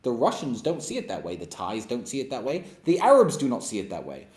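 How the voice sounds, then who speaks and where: A man's voice: mid-range voice, huge pitch swings, quick pace, a little mellow. A man in his thirties giving a blunt, scornful opinion monologue as a commentator. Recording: roomy echo.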